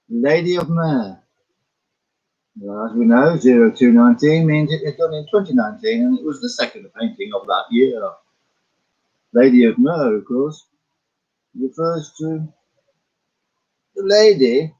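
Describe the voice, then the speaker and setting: A man's voice: a little high, warm tone, breathy edge. Man musing aloud on slightly dull audio. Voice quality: musing, wandering, self-correcting. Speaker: vlogger and painter. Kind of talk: casual rambling vlog talk.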